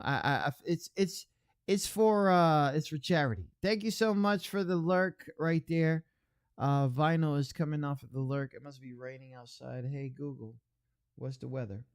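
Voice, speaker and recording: A man's voice: fairly high pitch, no room sound, clean studio sound. Chatty man hosting a radio stream. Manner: rambling, chatty, reads out chat with shout-outs. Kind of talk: casual livestream chat.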